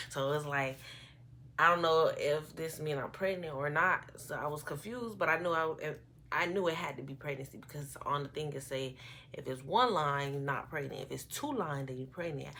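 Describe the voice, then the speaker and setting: A woman in her early twenties telling an animated, rambling story on her vlog, often quoting herself. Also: low voice, a little hiss or hum. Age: 20s. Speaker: vlogger. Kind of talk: casual storytime. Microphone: phone camera.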